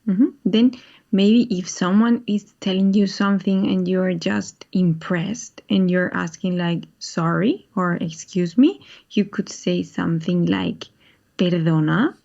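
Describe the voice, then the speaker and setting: Female co-teacher, mellow gravelly voice, calm, slightly muffled recording. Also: on the low side, a little slow. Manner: calm, gives example phrases. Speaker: language teacher. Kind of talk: explaining a language lesson. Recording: slightly dull lo-fi sound.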